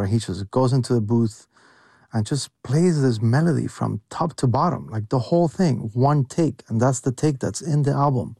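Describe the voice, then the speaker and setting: A young man speaks earnestly as a producer guest in a casual interview. He fills his sentences with "like" and soft restarts. His voice sits at an everyday pitch, recorded dry. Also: moderate pace, no echo. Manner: earnest, filler-heavy, lots of "like".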